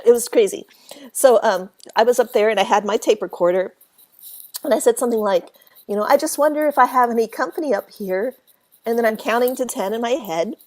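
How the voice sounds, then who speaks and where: Animated woman telling a ghost story. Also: on the high side, brisk. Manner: animated, acts out quoted voices, laughs often. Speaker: author and paranormal researcher, guest. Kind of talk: casual storytelling interview.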